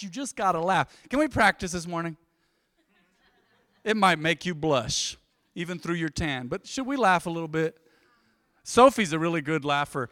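A man's voice: sits high, a bit bright, dry recording, clean studio sound. A man in his forties preaching a sermon, telling stories and calling out to the congregation to answer him. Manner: storytelling, calls out to the congregation. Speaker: pastor.

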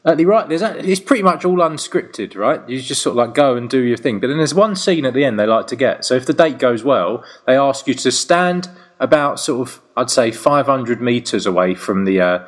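A man's voice: medium pitch, lively intonation, a little fast. A young British man chatting casually as a podcast co-host, telling stories animatedly with laughs and swearing. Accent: British English. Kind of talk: casual chat.

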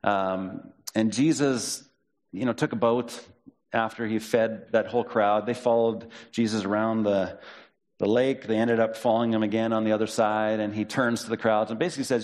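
A man preaching a sermon as pastor, in a conversational way, reading and paraphrasing scripture with lively quoted voices. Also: on the low side, moderate pace.

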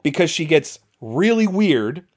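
This podcast host tells the story with lively energy, piling on details and dropping the odd curse word. It's relaxed banter between friends, delivered in an animated, chatty way. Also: mid-range voice, unhurried. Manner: animated storyteller, swears casually. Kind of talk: casual movie recap chat.

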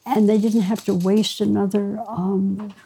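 Gravelly older woman telling a wry story. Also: mid-range voice, flat delivery, a little slow, warm tone. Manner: reflective, wry, laughs between phrases, many fillers. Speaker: interview guest, pediatrician. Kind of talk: storytelling in conversation.

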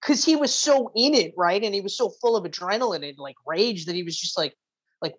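A woman's voice: mid-range voice, animated, fairly quick, husky. A woman in casual chat, playful and teasing, acting out little scenes as she talks. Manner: playful, teasing, acts out voices in anecdotes.

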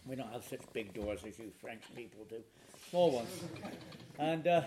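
Before a live audience at a spiritual retreat, an older speaker animatedly shares a humorous personal anecdote. He talks at normal speed in a mid-range voice, leaving long pauses.

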